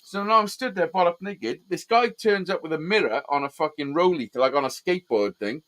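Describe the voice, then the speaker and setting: A man telling stories in an animated, sweary way in casual chat. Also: on the high side, brisk. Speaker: host.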